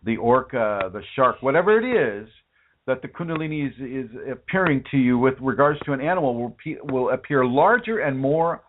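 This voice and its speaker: A man's voice: mid-range voice, animated, normal speed, a little hiss or hum. A man hosting a spiritual teaching broadcast, speaking earnestly and colloquially with frequent restarts and repeated words. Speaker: spiritual teacher and show host. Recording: phone-like narrow sound.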